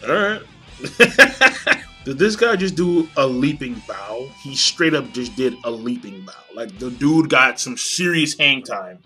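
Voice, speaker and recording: A man hosting a casual live manga reaction. He reads aloud and talks excitably, swears a lot and laughs often. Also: mid-range voice, slow pace, soft background music.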